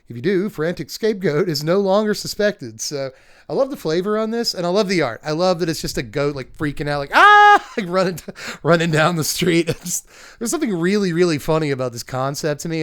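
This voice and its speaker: A young man casually reviewing trading cards, chatty and laughing often, with lots of filler words and asides. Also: fairly high pitch. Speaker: card game video host. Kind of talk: casual card review commentary.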